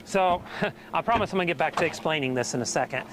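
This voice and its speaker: Breathless male storm chaser, eager explainer, slightly high voice. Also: fast talker, noisy background. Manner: excited, rambling explanations with laughs. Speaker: storm chaser streaming live. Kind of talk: live-stream explaining weather. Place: in and around a car outdoors during a storm.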